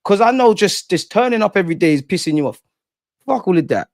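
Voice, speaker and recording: Animated London man, dry close sound. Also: sits high, quick pace, no room sound. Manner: animated, slangy, reads out viewer comments. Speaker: livestream host. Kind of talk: casual live chat.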